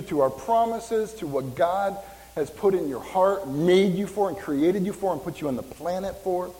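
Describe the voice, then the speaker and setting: This pastor in his fifties rambles conversationally through his sermon, joking with the people in the pews. His voice runs a little high with a somewhat dark tone, and the recording carries the reverb of a large hall.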